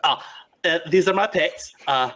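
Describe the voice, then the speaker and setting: Man doing a chatty, eager woodsman-scholar, pitched up and bright, rambling on. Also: a little slow. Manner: rambling, talks constantly, excitable.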